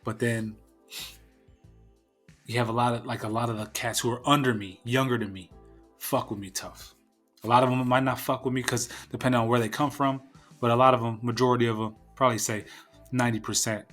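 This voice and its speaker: A man's voice: mid-range voice, steady tone, a little fast, fairly bright tone, soft background music. Blunt, profane man ranting on a podcast. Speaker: podcast host. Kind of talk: casual solo podcast rant.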